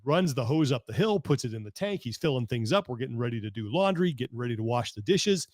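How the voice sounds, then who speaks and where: A man hosting a podcast over a video call, telling a story in an animated, exasperated way that keeps breaking off and restarting. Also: mid-range voice, quick pace, no room sound, studio quality. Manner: animated, exasperated rambling with self-interruptions. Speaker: podcast host. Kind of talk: casual storytelling chat.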